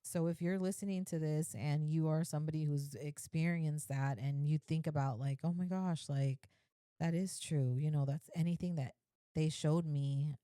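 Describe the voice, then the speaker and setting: A woman in her thirties sharing a personal faith story with viewers in an earnest, gentle way. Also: low-pitched, dry recording. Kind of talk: heartfelt personal talk to camera.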